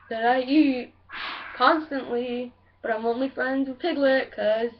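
A woman doing a slow, creepy Pooh Bear. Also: high-pitched. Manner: very slow, dreamy delivery. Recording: dull lo-fi sound from a distance.

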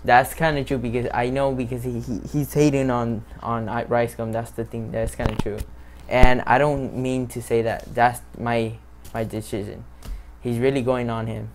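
A man hosting a reaction video, reacting casually with excitable, loud exclamations. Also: medium pitch, normal speed, a little hiss or hum.

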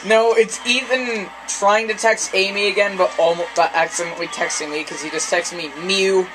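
A man's voice: sits high, steady tone, brisk, noisy background. A man in casual chat while playing a racing game, joking crudely, laughing often and rambling through absurd stories. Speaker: gamer co-host. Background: game music.

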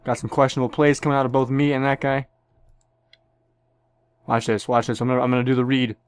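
A young gameplay commentator offers profane, joking commentary on a shooter game, punctuated by sudden yelps. His medium-pitched voice is level, fast and smooth, with no room sound.

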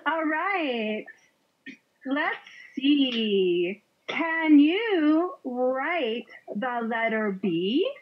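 A woman teaching English to a young learner over a video call, speaking slowly with exaggerated, sing-song cheer and playful sound effects. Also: high voice, sing-song, husky. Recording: muffled lo-fi online call audio.

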